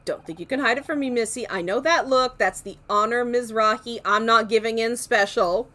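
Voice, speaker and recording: A woman's voice: fairly high pitch, normal speed, sharp tone. A woman voicing a laid-back, flirty male actor in a game, breezy and teasing.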